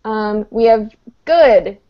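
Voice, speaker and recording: A woman gives an online English lesson at an unhurried pace, her voice a touch high. She explains each rule patiently and keeps asking her students if they follow. The sound is muffled, like audio from a video call. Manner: patient explaining, checks understanding with "okay?". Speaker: English teacher.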